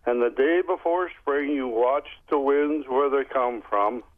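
Slow-talking male caller on a dull line. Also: medium pitch, no room sound. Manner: slow, halting with fillers. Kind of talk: call-in radio conversation.

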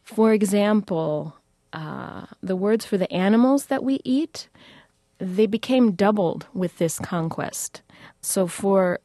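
A woman's voice: mid-range voice, dark tone, no echo, studio quality. A woman who is a French language expert, talking enthusiastically in a radio interview, with frequent restarts.

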